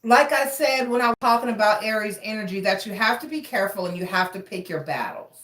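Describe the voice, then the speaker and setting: A woman's voice: medium pitch, quick pace, a bit bright, distant mic. A woman doing a casual tarot reading, talking frankly, cursing freely and calling listeners baby. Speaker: tarot reader. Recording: roomy, away from mic.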